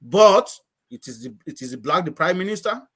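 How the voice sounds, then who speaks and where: A man's voice: sits high, sing-song, brisk, a bit bright. A man with an Antiguan accent, a guest in a casual chat, telling stories with repeated words and frequent laughter over a video call.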